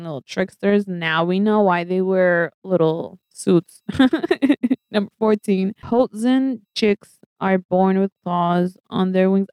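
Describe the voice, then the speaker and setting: A woman's voice: medium pitch, a little mellow, clean tone, dry recording. Giggly chatty woman podcaster. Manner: giggly, chatty, laughs at her own jokes, trails off on asides. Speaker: podcast host. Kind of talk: casual solo podcast, reading out facts and quotes.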